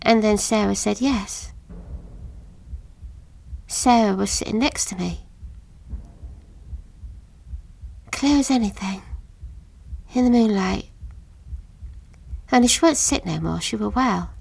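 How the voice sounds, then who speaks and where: An actress playing a haunted woman, recalling a childhood horror in a halting, hushed audio drama monologue that sinks to whispers. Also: mid-range voice, vocal fry. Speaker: witness recounting an account.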